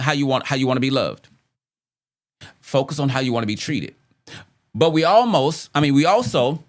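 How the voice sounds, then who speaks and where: A man talking about relationships in a loose, conversational way. His pitch moves around a lot, and he often asks rhetorical questions and circles back to repeat phrases as he works out his point. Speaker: podcast host. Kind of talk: casual relationship talk.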